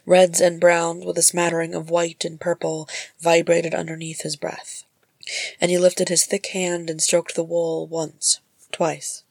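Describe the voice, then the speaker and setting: A woman reading a storybook chapter aloud in a measured, soft narration. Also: on the low side, completely flat delivery, gravelly, no room sound. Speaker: audiobook reader.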